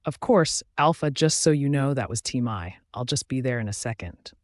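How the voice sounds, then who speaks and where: A man doing an eager, obliging young woman in an audiobook who answers her leader briskly. The sound is close and dry, at middling pitch. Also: animated, no echo, close to an everyday voice. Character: dutiful young woman, eager errand runner.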